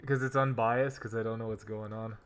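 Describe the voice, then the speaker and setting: A man's voice: lowish voice, steady tone, fairly quick, smooth. A young man hosting a crypto livestream, trading laid-back jokes in casual banter. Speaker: crypto streamer, host. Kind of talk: casual stream chat.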